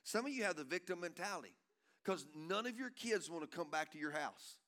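Bright-voiced preacher, man. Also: sits high, expressive, brisk. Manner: preaching with swings from loud urging to hushed tenderness; calls out to the congregation with repeated phrases. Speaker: pastor. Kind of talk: sermon. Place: church sanctuary.

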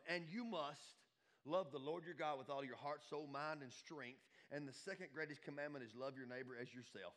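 A male pastor preaching a lively sermon, swinging from shouts to hushed asides. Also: on the high side.

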